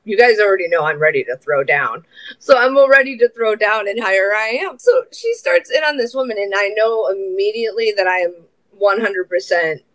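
A woman hosting a podcast, telling a casual story with lots of swearing and acted-out quotes in sudden high voices. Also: dry recording. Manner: animated, swearing, acts out quotes with big pitch jumps. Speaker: podcast host.

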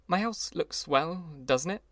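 A man reading an audiobook, voicing an eager, charming wealthy young man who lingers warmly on his words. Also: high-pitched, sing-song, brisk, no room sound, studio quality, voice pushed up.

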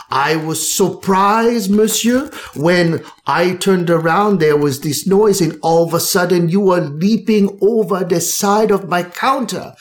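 Man putting on a high, huffy tavern bartender. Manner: blustering, then pleading and flustered. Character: indignant, fussy male bartender.

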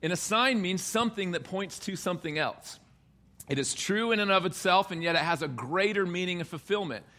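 A man preaches a sermon in a church sanctuary, and his voice sits a bit high and rings bright. He keeps it conversational, slipping in jokes and playing out the lines he quotes. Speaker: pastor.

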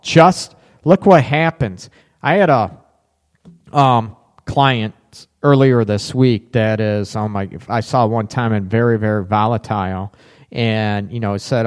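A man's voice: lowish voice, a little slow, clear, resonant tone. A middle-aged man hosting a live relationship advice show, chatting casually and reading out viewer comments. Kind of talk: live call-in advice talk.

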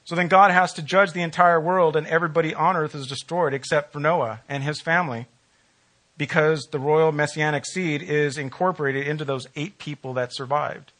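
Speaking to his congregation with easy, conversational warmth, this male pastor delivers a sermon and often asks them questions. His pitch is a little high.

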